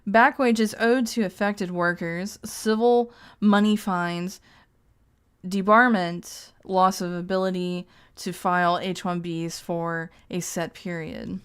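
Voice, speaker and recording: Reading text aloud on a live stream, a woman keeps veering into crude jokes and frequent laughter in casual commentary. Her voice is lowish, clear, resonant and a bit bright, with fairly even intonation, and she takes it slowly.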